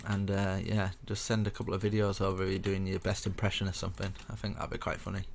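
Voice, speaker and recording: A young man with a low, gravelly voice talks viewers through a building tutorial in a loose, chatty way. He rambles between steps and pokes fun at himself as he goes. Soft keyboard clicks tick away behind him. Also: monotone, quick pace, a little hiss or hum. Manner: chatty and rambling, self-mocking asides. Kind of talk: casual step-by-step game tutorial.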